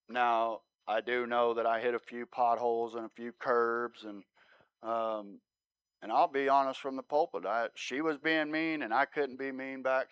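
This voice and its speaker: A man giving his sermon testimony as a relaxed story, often checking in with "right?". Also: mid-range voice, clear, resonant tone, no echo. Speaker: guest speaker sharing his testimony.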